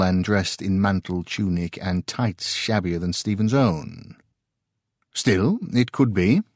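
A man narrating a short story in an expressive storytelling manner. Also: sits low, no echo, studio quality. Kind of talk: scripted narration.

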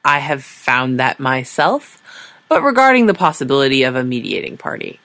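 Tired dry-witted lady diplomat, woman reading her, low voice, lots of swing. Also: big pitch swings, moderate pace, fairly bright tone, no echo, exaggerated voice. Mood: weary. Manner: dry, weary, sardonic. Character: weary, exasperated woman diplomat.

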